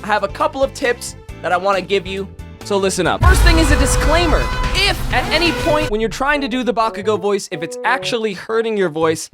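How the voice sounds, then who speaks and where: A man with a high, bouncing voice teaches voice impressions in a loose, comedic way. He is animated and profane and often bursts into a yell to make a point. Faint music plays underneath. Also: a little fast. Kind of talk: casual comedic tutorial.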